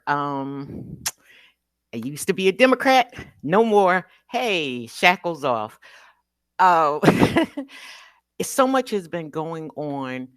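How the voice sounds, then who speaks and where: A woman's voice: deep voice, no room sound. An American woman calling in to an online talk show and giving an emotional speech with a preacher-like cadence. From United States. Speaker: caller. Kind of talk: impassioned call-in speech.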